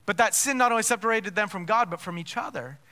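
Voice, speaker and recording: A pastor preaching with a notably high, bright voice. He drives his points home with rhetorical questions and stacks of restarted phrases. The delivery is emphatic throughout. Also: fast talker. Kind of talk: sermon.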